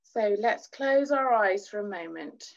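A woman leading a gentle children's worship lesson, teaching in a soothing sing-song voice and singing simple lines for children to repeat. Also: mid-range voice, expressive, unhurried. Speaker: children's church leader. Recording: dull lo-fi recording.

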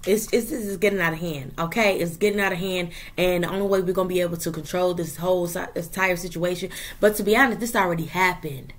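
A woman's voice: on the low side, fairly even intonation, quick pace, hardly any pauses, a little hiss or hum. A woman giving a casual tarot reading to her viewers, talking in a profane, emphatic way and tagging her points with "okay?" and "period.". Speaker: tarot reader.

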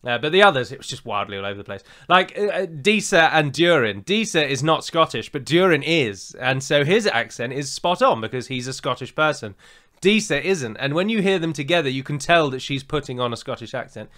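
This Englishman co-hosts a podcast, offering opinionated reviews in casual chat full of fillers. His standard southern English voice is fairly high, animated and fairly quick, with a bright, forceful tone.

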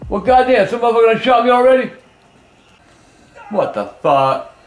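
An older man who yells and curses at a video game he is playing, ranting in angry outbursts. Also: very high-pitched, big pitch swings, moderate pace, echoey room, faint music behind. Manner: cursing, yelling and ranting.

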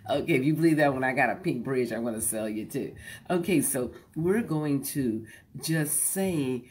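A woman hosting a show and teaching how to recite poetry, speaking slowly in a relaxed, folksy way and sometimes dropping to a soft whisper. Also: rumbling low, a little hiss or hum. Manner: folksy and joking. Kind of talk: relaxed instructional talk to an online audience.

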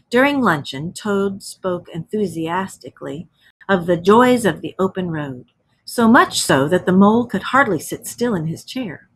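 Husky-voiced woman reading aloud to kids. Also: fairly low pitch, animated. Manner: pauses to explain words. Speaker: teacher. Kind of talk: reading a story aloud to children.

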